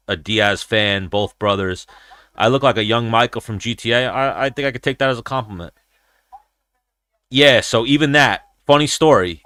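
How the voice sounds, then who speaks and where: A young man's mid-range, slightly bright voice comes through with no echo as he hosts a relaxed livestream. He tells stories in a rambling, foul-mouthed way and lapses into impressions.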